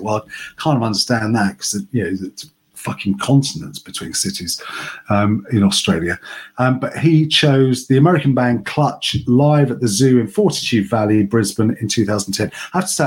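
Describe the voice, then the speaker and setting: A man's voice: medium pitch, darkish tone. A man hosting a music podcast, chatting casually and joking with a bit of swearing. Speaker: podcast host.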